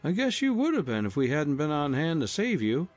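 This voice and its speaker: A man's voice: a little high, wildly swooping pitch, a little fast, dry recording, soft background music, voice pushed up. A man voicing a firm, resolute young man steering a boat, in a storybook reading.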